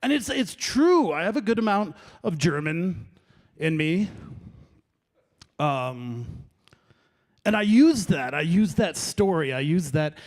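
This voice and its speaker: Rambling stand-up comedian, higher voice. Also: male voice, sing-song, takes it slowly, a little mellow. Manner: rambling, self-deprecating, crowd work. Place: comedy open mic in a venue.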